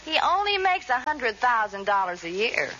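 A woman's voice: fairly high pitch, very animated, moderate pace, pushed and bright, a little hiss or hum. An actress playing a teasing young girlfriend in a 1940s radio comedy. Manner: giggly and teasing. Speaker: the hero's girlfriend. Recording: muffled old radio broadcast.

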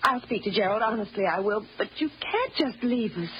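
A woman's voice: medium pitch, animated, a little fast, a little hiss or hum, natural voice. A woman playing a genteel, pleading lady of the house. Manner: pleading, soothing, refined. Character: genteel widowed lady of the house, indulgent mother. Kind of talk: 1940s radio acting. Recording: muffled old radio broadcast.

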